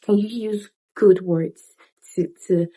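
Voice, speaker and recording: A young woman talks straight to her viewers in an easy, chatty style. Her voice is mellow and soft-edged, never sharp. She jumps into quick playful asides and laughs at herself as she goes. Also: mid-range voice, steady tone, slightly rough, poor audio. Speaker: lifestyle vlogger. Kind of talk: casual advice talk to camera.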